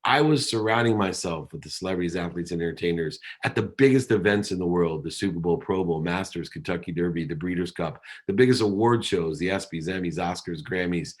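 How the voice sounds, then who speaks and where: Middle-aged male keynote speaker, lowish voice, dramatic storyteller. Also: brisk. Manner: dramatic storytelling, acts out quoted dialogue.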